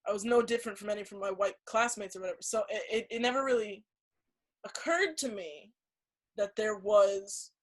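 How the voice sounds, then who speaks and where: Young woman telling a story in halting bursts. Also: mid-range voice, low-quality recording. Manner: halting, many restarts and "like" fillers; earnest storytelling. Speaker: podcast guest. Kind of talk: casual conversation.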